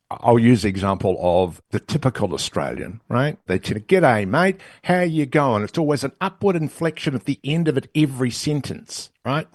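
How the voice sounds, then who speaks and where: A middle-aged man with a New Zealand accent, talking as a guest on a podcast and coaching with an animated, conversational manner, often ending points with "right?". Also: medium pitch, dry recording, studio quality. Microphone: studio headphones and mic.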